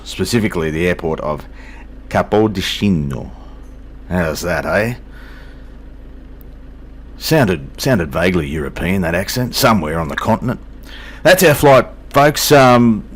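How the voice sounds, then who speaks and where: An older man, chatting casually as he hosts a flight simulator video, folksy and self-deprecating. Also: low voice. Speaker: flight sim video host. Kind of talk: casual commentary.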